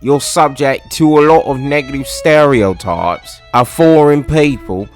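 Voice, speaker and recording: A loud, emphatic working-class socialist in a put-on British accent, as a comedic American host reads a submitted story. He speaks at an ordinary middle pitch and tells his story with earnest emphasis. Faint music plays underneath. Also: measured pace, lightly acted.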